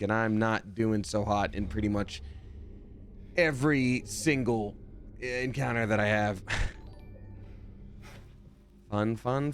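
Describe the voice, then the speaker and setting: A man's voice: medium pitch, slight background noise. A man giving live gameplay commentary as a streamer, chatty and jokey, thanking viewers from chat as he plays.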